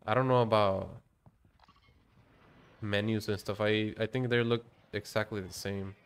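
A man's voice: fairly low pitch, fairly even intonation, moderate pace, smooth. A man streaming a shooter game, rambling in casual commentary, muttering to himself and swearing now and then. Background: gunfire from the game.

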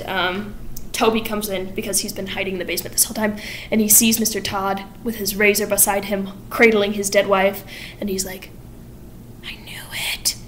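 A woman hosting a casual vlog, retelling a story in a chatty way and slipping into quick voices for the characters. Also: mid-range voice, fairly bright tone, slight background noise. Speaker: channel host. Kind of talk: casual plot summary vlog.

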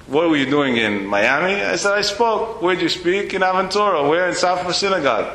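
A man's voice: sits high, lively intonation, brisk, a bit bright. A man, a rabbi, giving a storytelling sermon and acting out the dialogue in his tale with animation. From United States. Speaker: rabbi lecturer. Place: synagogue hall. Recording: echoey hall.

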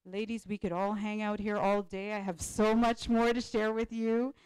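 On a conference panel in a conference hall, a woman life coach and speaker rallies a live audience with an animated motivational talk, repeating lines and checking in with "right?" often. Her medium-pitched voice keeps a normal speed, and the sound is clean without echo.

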